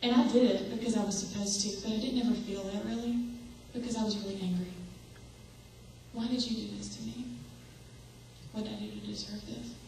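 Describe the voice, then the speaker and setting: A woman's voice: medium pitch, steady tone, a little fast, creaky, long pauses, a little mellow. A young woman preaches with earnest conviction and puts questions straight to the people in front of her. Her voice comes from some distance off the mic and carries a strong echo, as in a large hall. Faint room noise sits under it. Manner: earnest, asks the audience direct questions. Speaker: speaker. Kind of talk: sermon. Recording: echoey hall, voice from far off.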